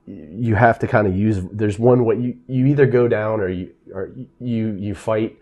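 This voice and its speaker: Low mellow guy hosting a movie music chat, laid back, laughs a lot. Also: normal speed, highs cut off. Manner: easygoing, laughs often, trails off into restarts. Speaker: podcast host. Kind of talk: casual film-music review chat.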